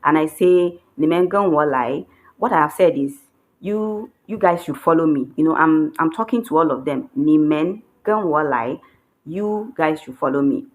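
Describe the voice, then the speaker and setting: A woman teaching Chinese grammar patiently, repeating each point with slow worked examples. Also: low-pitched, a little mellow. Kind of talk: explaining grammar.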